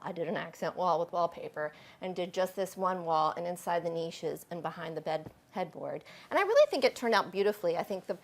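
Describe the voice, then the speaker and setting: A middle-aged woman gives a relaxed tour of her home. Her voice sits a little low, and she chats easily, peppering her talk with "um" and "you know.". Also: creaky. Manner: chatty and friendly, with frequent fillers. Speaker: homeowner giving a home tour. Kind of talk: casual home tour chat.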